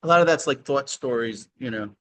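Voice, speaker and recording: A man with a mid-range voice joins a casual spiritual conversation as a guest over a video call. He is playful and animated and laughs easily as he speaks. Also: mid-range voice, brisk.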